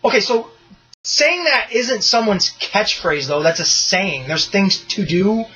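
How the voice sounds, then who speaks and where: A man's voice: high voice, unhurried, husky, muffled recording, soft background music. A man hosting a podcast in casual chat, loose and profane, ranting with energy. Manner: loose, profane, animated rants. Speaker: podcast host.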